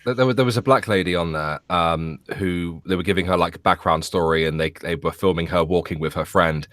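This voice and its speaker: A man's voice: low-pitched, brisk, a bit bright, no room sound, studio quality. A man in a casual podcast chat, hesitant with many uhs and restarts.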